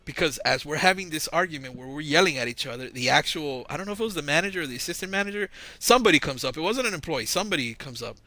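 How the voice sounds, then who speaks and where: A man's voice: a little high, animated, rapid-fire, hardly any pauses, pushed and bright, dry recording. A man hosting his own channel, telling a story in a casual, slangy, rambling monologue on a close mic. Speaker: channel host. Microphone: close mic, audio-only recording.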